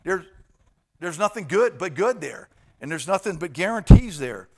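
A man preaching a sermon from slides, moving between loud emphatic points and quiet asides, with frequent restarts. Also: high voice, very animated, normal speed, slightly rough. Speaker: pastor.

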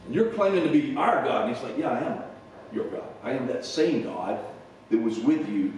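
A man's voice: mid-range voice, lively intonation, normal speed, a little mellow, a little hiss or hum. A male preacher giving a conversational sermon, often repeating and restarting his words. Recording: echoey hall from far off.

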